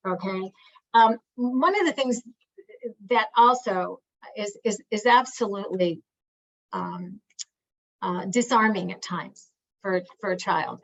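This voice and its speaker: A woman with a mid-range, fairly bright voice is heard on a lo-fi recording. She's a family therapist from an Italian family giving an educational talk, speaking earnestly, repeating words, restarting often, and acting out things a parent might say.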